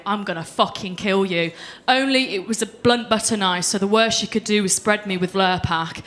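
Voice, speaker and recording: A young woman performing a deadpan stand-up set on a comedy club stage. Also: a little high, a little hiss or hum. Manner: deadpan storytelling with voiced quotes.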